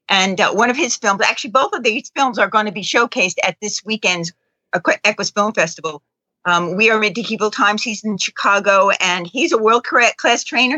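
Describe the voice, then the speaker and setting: A woman's voice: mid-range voice, pushed and bright, no room sound, rough recording. A woman guesting on a radio show, talking up her film festival in an upbeat, promotional way. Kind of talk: radio interview.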